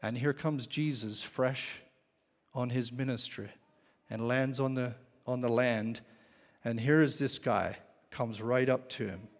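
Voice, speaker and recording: Male preacher, slow deliberate delivery, questions the pews, long reverb of a church hall. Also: mid-range voice, fairly even intonation. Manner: questions the congregation. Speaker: pastor. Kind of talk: sermon.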